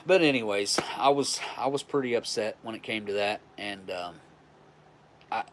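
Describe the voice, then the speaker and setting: A man's voice: on the low side, measured pace, fairly bright tone, slight background noise. A man hosting a live stream, telling a story in a frank, rambling way with profanity and frequent restarts. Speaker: livestream host.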